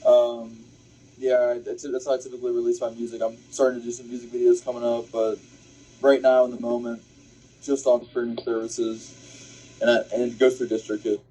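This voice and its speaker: Casual male music guest, husky and mellow, flat delivery, hesitant with lots of "like" and "uh". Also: mid-range voice, fairly quick, low-quality recording. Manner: hesitant, many fillers and restarts. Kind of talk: casual interview answers.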